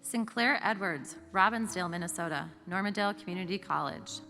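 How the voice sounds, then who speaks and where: A woman emceeing a formal ceremony, reading out names and hometowns slowly and evenly. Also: mid-range voice, sharp tone. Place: large auditorium. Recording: reverberant hall with faint music.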